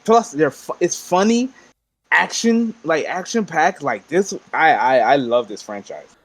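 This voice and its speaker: A man co-hosting a podcast, talking in animated slang and laughing often. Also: a little high, unhurried, slightly rough. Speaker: podcast co-host. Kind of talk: casual chat.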